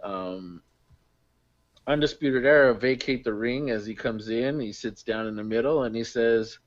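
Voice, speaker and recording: Excitable laughing man, dull dry mic. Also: medium pitch, unhurried, no room sound. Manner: excitable, laughs often, recaps events. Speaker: podcast co-host. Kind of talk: casual wrestling chat.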